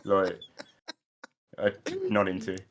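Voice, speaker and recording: A man with a slightly low voice, chatting as a guest on a podcast. He talks in a laid-back way and swears casually as he tells his side. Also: flat delivery, takes it slowly, a little hiss or hum. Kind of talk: casual chat.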